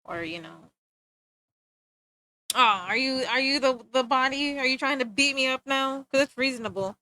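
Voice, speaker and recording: Woman streamer, casual chat while drawing; high, sharp voice, animated and self-mocking. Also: rough recording. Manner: animated, joking, self-mocking, quick to laugh. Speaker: livestreamer.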